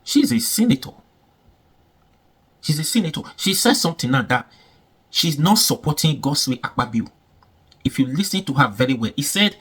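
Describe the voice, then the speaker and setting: A man's voice: fairly high pitch, very animated, normal speed, long pauses, slightly rough. A man giving casual, emphatic commentary, repeating himself and asking rhetorical questions.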